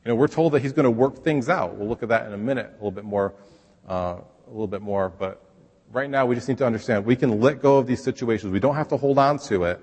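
Male pastor, casual sermon delivery, mid-pitched voice, long hall reverb. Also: fast, a little mellow, slightly rough. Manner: conversational, acts out quoted voices.

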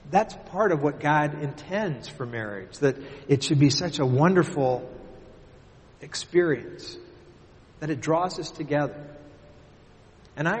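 A man preaching a sermon earnestly, lifting his voice for emphasis and dropping soft at the ends of his points. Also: mid-range voice. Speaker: pastor. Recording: long reverb of a large hall.

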